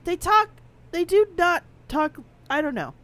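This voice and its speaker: A woman co-hosting a casual game stream, talking in an animated, rambling, opinionated way. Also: extremely high pitch, measured pace. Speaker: podcast co-host playing a game. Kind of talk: casual let's-play chat.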